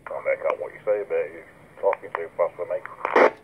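A man's voice: low voice, normal speed. A man chatting and joking casually with a friend over CB radio. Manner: jokey, laughing, teasing. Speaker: CB radio operator recording the chat. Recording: tinny radio transmission with faint hiss.

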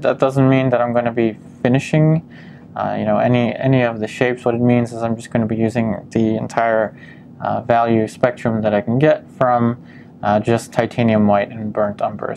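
A man calmly talking through a painting demonstration step by step, often pausing with ums as he works. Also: mid-range voice, gravelly, a little hiss or hum. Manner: calm step-by-step explaining with frequent ums. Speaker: painting instructor.

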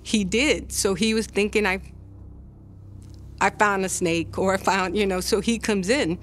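An older woman, a grandmother, telling her story in a documentary interview, speaking haltingly and emotionally with many restarts. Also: medium pitch, fairly even intonation, slight background noise. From Texas.

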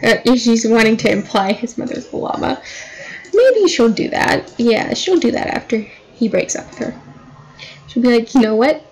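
A woman's voice: on the high side, very animated, husky, rough recording. Chatty young-sounding woman narrating gameplay. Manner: chatty, dramatic, puts on quick voices for her characters. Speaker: gameplay commentator. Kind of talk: casual gameplay commentary.

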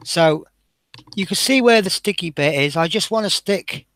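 A man's voice: high-pitched, animated, moderate pace, a bit bright, no room sound. A man chatting casually as he builds a scale model, rambling and often breaking off mid-sentence. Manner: chatty, rambling, self-interrupting.

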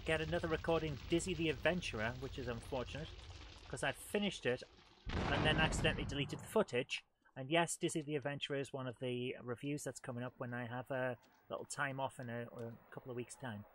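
A man's voice: mid-range voice, steady tone, brisk, fairly bright tone. A man streaming a video game live, chatting with viewers in a casual, self-mocking way. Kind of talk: live let's-play commentary. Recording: game sounds noisy underneath. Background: game engine and vehicle noise.

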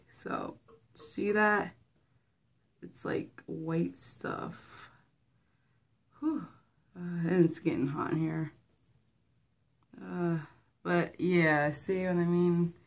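A young woman talking casually and rambling through a hair-washing vlog. She is filming herself with a handheld phone in a bathroom at home and is a little out of breath. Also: on the low side. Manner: chatty, rambling, filler-heavy. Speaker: hair vlogger. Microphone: phone held by hand.

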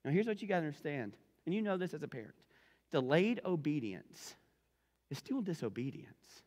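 A man preaching from the pulpit, his voice sitting a touch high for a man. He is lively and repeats key phrases to drive them home. A long hall reverb trails every line. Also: normal speed. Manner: animated, repeats phrases for emphasis. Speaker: pastor. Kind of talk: sermon.

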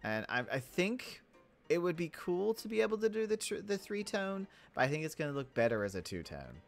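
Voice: medium pitch, big pitch swings, fairly quick, faint music behind. A video game creator giving casual, rambling commentary full of jokes and self-interruptions while building. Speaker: Minecraft let's play creator.

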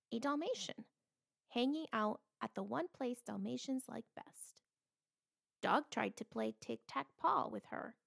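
Gravelly woman reading a children's story. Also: a little high, dry recording, clean studio sound. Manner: expressive storytelling. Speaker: storybook reader. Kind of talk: children's story read-aloud.

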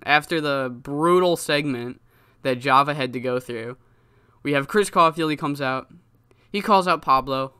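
A man's voice: a little high, pushed and bright, clear, resonant tone, no room sound. A man giving casual, rambling commentary on a wrestling game, swearing often. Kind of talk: casual let's-play commentary.

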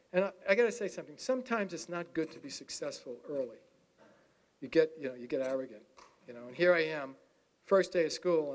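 A man in his sixties giving a talk to an audience, telling a lively personal story and acting out the dialogue. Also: on the high side. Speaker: guest speaker.

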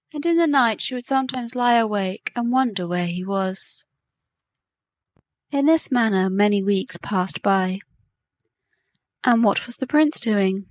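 Woman reading a story, slightly high. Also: no echo, studio quality. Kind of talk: scripted narration of a graded reader story.

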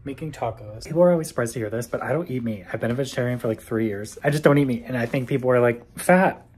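A young man vlogging from his small apartment, talking casually into a phone camera. His voice is husky and a bit breathy, and he swings from mumbled asides up to high, excited squeals. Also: racing. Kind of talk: casual self-filmed vlog.

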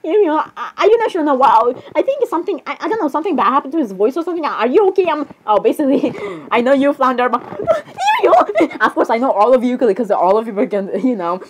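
A young woman doing a playful, giggly role-play with character voices, excitable and full of fillers and laughter. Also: sits high, fast, hardly any pauses, background noise.

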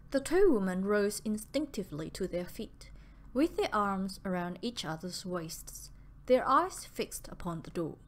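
Lady reading an old novel aloud, real slow, lively pitch, bit of fry. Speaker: audiobook narrator. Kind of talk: scripted audiobook narration.

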